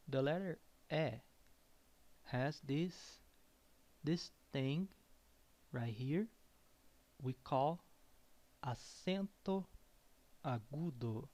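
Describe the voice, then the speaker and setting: Slow man teaching pronunciation. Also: medium pitch, darkish tone. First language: Portuguese. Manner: slow, repeats each word several times. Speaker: language teacher. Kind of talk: pronunciation lesson.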